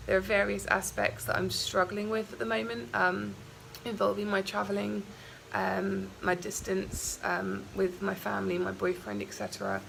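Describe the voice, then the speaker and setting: A young woman records a chatty, candid travel vlog. Her voice is croaky and gravelly and sits at an ordinary middle pitch. Faint background sound is heard behind her. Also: fairly bright tone, a little hiss or hum, poor audio. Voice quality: croaky morning voice. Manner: candid, chatty, rambling with fillers. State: out of breath from walking uphill. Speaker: travel vlogger. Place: outdoors walking on a hilly island road.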